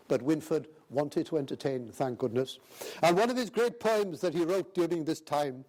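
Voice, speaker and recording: A man's voice: on the high side, expressive, moderate pace, a little mellow. Welsh older man giving a speech. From Wales. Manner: anecdotal, hesitant with many fillers, addresses the chairman. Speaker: speaker. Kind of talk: after-dinner speech. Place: festival hall.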